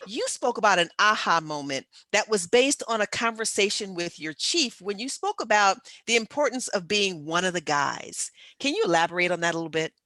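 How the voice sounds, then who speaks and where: A woman moderates the panel in an affirming, encouraging way, her voice bright and forward. The sound is dry and close. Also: on the low side, dry recording. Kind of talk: panel discussion.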